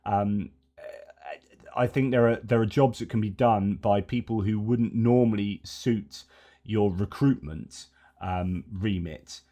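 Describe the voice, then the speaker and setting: A man's voice: fairly low pitch, unhurried, warm tone. A man hosting news commentary, thinking aloud as he reads out headlines and then adds his own opinions.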